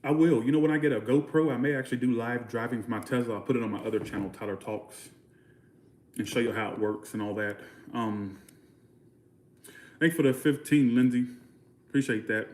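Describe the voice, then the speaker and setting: Southern US man, Georgia accent, chatty livestream host, blunt rambling, mid pitch, echoey room. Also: fairly even intonation, brisk, darkish tone. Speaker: channel host. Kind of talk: casual livestream chat.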